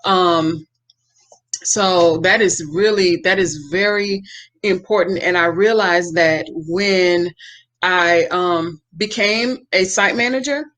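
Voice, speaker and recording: A woman hosting an interview podcast, talking in a relaxed, encouraging way with frequent ums. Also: fairly low pitch, slow. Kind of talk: casual interview conversation.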